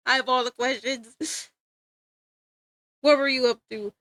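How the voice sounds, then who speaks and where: A woman's voice: on the high side, a little slow, a bit bright, no echo. A young woman streaming live while drawing, chatting playfully with viewers and giggling often. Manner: giggly, playful, rambling, talks to chat.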